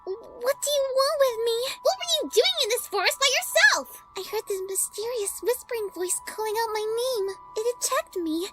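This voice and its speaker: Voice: very high voice, expressive, moderate pace, few pauses. An actor voicing a frightened young pony in a fan animation, with an anxious, pleading way of talking. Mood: uneasy. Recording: clip played over music.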